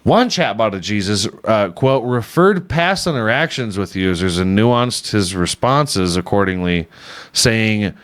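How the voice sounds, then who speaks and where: Male podcast host, casual comedic riffing, irreverent and profane, very animated pitch. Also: unhurried. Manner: irreverent, swears often, laughs at own jokes.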